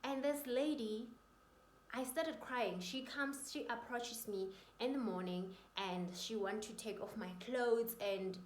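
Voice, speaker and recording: A woman's voice: fairly high pitch, measured pace, a little hiss or hum. A woman vlogger telling her personal story in an earnest, emotional and faith-filled way. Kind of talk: personal testimony. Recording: roomy echoey room.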